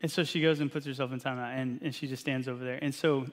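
A man in his thirties from Texas, a pastor preaching a sermon and telling an animated, self-deprecating family story. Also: medium pitch, quick pace, hardly any pauses. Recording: long hall reverb.

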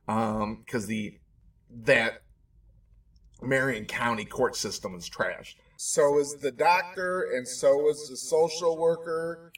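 A man with a lowish voice talks through a documentary in loose, rambling commentary, getting emotional and indignant as he goes. He sits a bit back from the microphone, so his voice sounds slightly distant. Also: fairly bright tone. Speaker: podcast host reacting to a documentary. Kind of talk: casual commentary.

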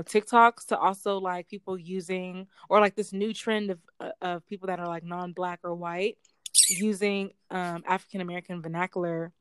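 A young woman co-hosting a podcast, telling stories in a rambling, animated way with lots of fillers. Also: fairly low pitch, clear, resonant tone, dry recording. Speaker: podcast co-host. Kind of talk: casual chat.

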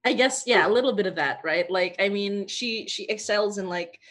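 A woman co-hosting a casual movie-review podcast, excitable, laughing often and swearing freely. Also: mid-range voice, normal speed. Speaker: podcast co-host.

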